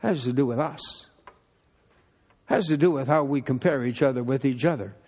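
A man's voice: medium pitch, a little fast, a little mellow, slightly rough. An older man, a pastor giving a conversational sermon with folksy, joking asides. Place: church hall. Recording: echoey hall reverb.

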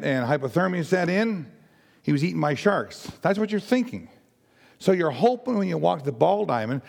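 An older man giving a personal testimony in a halting, earnest way with many restarts. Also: a little high, creaky. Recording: long hall reverb.

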